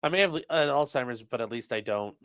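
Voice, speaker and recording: A young man chatting on a live stream, rambling and swearing as he reacts to chat. His voice is bright and lively, swinging up and down in pitch. The sound is close and dry at a desk mic. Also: fast, dry recording. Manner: rambling, profane, reads chat aloud. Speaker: streamer and trial lawyer.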